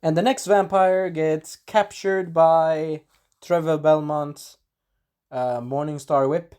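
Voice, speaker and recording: A man giving a casual spoken episode recap, animated and breaking into character voices, clearing a scratchy throat. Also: slow pace. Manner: animated, acts out characters in sudden high voices. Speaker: video reviewer.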